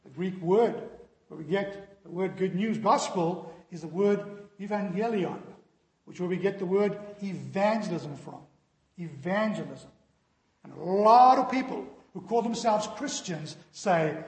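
A man's voice: sits high, lively intonation, unhurried, a little mellow, a little hiss or hum. A man preaching a sermon as pastor, telling a joke with animation and then pressing his points with emphasis. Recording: echoey reverberant hall.

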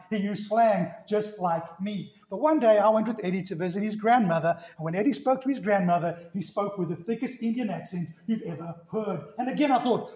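A middle-aged South African man preaches a storytelling sermon, tossing out rhetorical questions. His fairly high voice rings around a roomy church sanctuary. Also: a little mellow. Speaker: pastor.

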